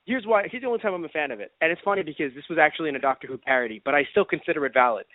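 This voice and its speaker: A man's voice: a little high, racing, no echo. A man co-hosting a casual fan review podcast, talking animatedly, acting out reactions and laughing often. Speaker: podcast co-host. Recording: dry, phone-like lo-fi sound.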